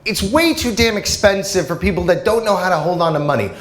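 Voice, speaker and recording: A fast-talking man from New Jersey does a stand-up set in a comedy club, animated and breaking into shouted, high-pitched quotes while the audience laughs.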